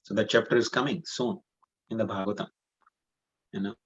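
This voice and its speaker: A man's voice: lowish voice, fairly even intonation, fairly quick. A man answering a student's question in a scripture class, earnest and repetitive, leaning on "you know" as he explains. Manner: earnest, repeats points, many "you know" fillers. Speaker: spiritual teacher. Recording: dull lo-fi sound.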